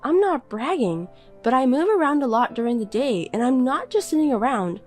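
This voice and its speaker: A woman's voice: sits high, sing-song, moderate pace, darkish tone, faint music behind, voice pushed up. A woman voicing a tired, hurt young housewife who defends herself in a text-message story. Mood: defensive. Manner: pleading and defensive.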